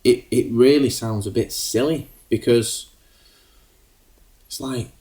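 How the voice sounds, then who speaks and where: A man's voice: mid-range voice, slow pace, warm tone. A man co-hosting a podcast, talking in a hesitant casual way with many ums and restarts. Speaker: podcast co-host.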